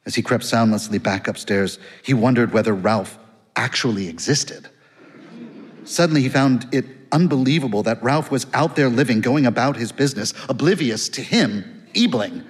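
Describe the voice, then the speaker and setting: A man narrating a literary novel as an audiobook, lively and reflective. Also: mid-range voice, moderate pace, slightly rough, in a large hall.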